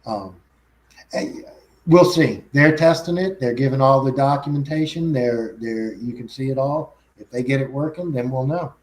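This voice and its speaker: Talk show guest, male, mid-pitched, rambling delivery full of restarts. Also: normal speed, low-quality recording. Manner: rambling, frequent restarts and self-corrections. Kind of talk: casual chat.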